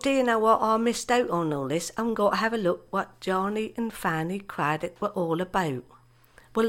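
An older woman, reciting her own comic poems and chatting between them in a homely, dialect-flavoured way. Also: mid-range voice. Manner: chatty, unhurried storytelling with dialect grammar. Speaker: poet.

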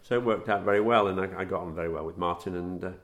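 A middle-aged man, a former footballer, recalling anecdotes in a relaxed interview, chuckling at his own stories. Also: low-pitched, racing. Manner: warm storyteller, chuckles at his own tales.

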